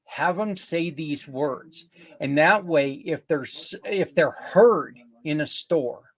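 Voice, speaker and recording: Older male podcast host, higher-pitched, earnest and rambling, casual promotional delivery with self-corrections. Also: takes it slowly.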